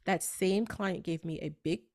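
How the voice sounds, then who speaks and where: Fast-talking New woman, low voice. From New York. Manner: fast-talking, animated, emphatic storyteller. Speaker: podcast guest. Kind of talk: storytelling interview.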